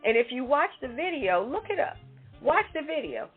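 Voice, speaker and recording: A woman's voice: high voice, big pitch swings, moderate pace, soft background music. A woman co-hosting a talk show, giving an emphatic, indignant commentary. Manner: emphatic, indignant, conversational with asides. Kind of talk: opinion commentary segment. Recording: tinny phone-line audio.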